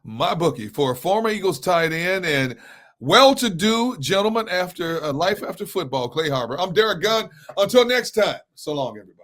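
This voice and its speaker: A man's voice: sits high, expressive, normal speed, fairly bright tone. A man hosting a sports interview show, effusive and enthusiastic with his guest. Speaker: host.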